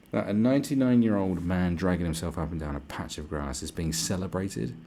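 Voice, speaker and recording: Deep-voiced streamer with a gravelly edge who swears constantly and mutters in exasperated commentary. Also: male voice, a little fast, hardly any pauses, dark tone. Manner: profane, exasperated, muttering to himself. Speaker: live stream host. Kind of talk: ranting live-stream commentary.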